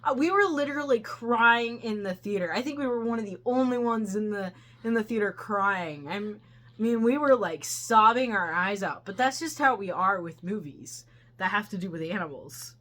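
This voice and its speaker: A woman's voice: medium pitch, expressive, normal speed, fairly bright tone. A woman co-hosting a casual movie review chat from her couch at home, chatty and laughing often. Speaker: co-host of a movie review show. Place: living room couch at home.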